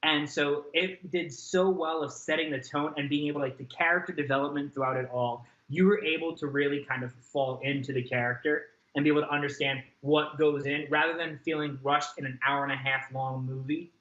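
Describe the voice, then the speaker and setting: A man co-hosts a casual podcast in an animated, performative way, acting out reactions as he talks. His voice is bright and forceful and fairly high for a man. It comes through an echoey room on dull, lo-fi audio. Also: fairly quick, few pauses. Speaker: podcast co-host. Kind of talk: casual chat.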